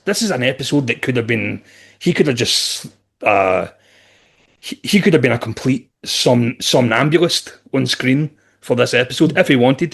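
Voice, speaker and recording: A man's voice: on the high side, creaky, slightly rough. A man, a guest on a podcast, talking in a thoughtful, rambling way with many asides. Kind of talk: casual chat.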